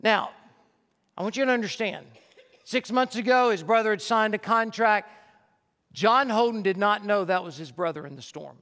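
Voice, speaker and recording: A man preaching in a church auditorium, his high, bright voice carrying a long reverb through the hall. He tells stories with urgency, then drops soft and low as he pleads. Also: moderate pace. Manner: impassioned storytelling, dropping soft and low for the altar call. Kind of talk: sermon.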